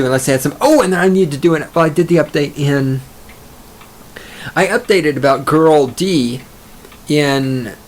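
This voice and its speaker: A man hosting a solo podcast, rambling and profane, mocking himself as he goes off topic. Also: fairly high pitch. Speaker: podcast host.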